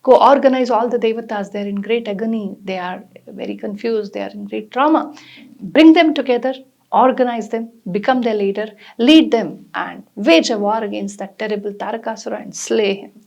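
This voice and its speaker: A woman's voice: medium pitch, little pitch movement, fairly quick, gravelly, a little mellow. A woman voicing a devoted young goddess who speaks firmly and earnestly. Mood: commanding. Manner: firm, earnest.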